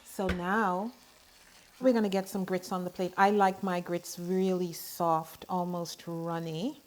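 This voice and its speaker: Unhurried woman demonstrating cooking. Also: lowish voice, slight background noise. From Bahamas. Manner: relaxed, chatty, homey asides. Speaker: home cook and farmer. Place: home kitchen.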